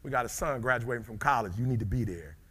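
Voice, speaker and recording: A middle-aged man giving a live motivational speech, dropping to low murmurs and rising to shouted peaks, calling out to the crowd. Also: animated, fast, husky. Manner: preacher-like call and response with the crowd. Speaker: motivational speaker.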